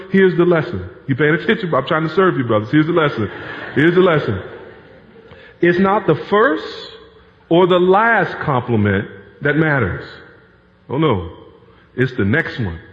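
A pastor delivering a sermon in a conversational style, often repeating key phrases for emphasis. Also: male voice, fairly high pitch. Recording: reverberant hall, dull lo-fi sound.

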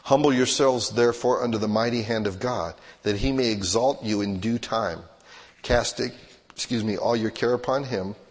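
A male pastor preaching a sermon, swinging from hushed to loud and acting out everyday scenes in quoted voices. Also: mid-range voice, moderate pace, slightly rough. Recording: long hall reverb.

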